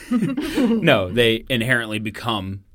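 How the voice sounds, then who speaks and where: A man's voice: mid-range voice, huge pitch swings, takes it slowly, crowd noise. A man co-hosting a casual chat, joking and musing with plenty of fillers. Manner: easygoing, joking, hesitant with fillers. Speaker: podcast co-host.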